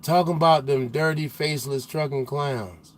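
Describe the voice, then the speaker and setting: A young male trucker hosting a casual livestream, chatting with viewers in loose slang and getting loud and animated as he teases the chat. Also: on the high side, normal speed. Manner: loose slang-heavy banter, gets loud and animated when teasing chatters.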